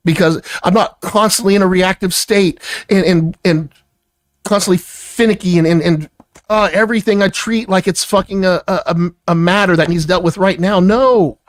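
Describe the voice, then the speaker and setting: A business owner with a high voice angrily lectures an employee during a heated work argument, swearing constantly. The recording has no echo.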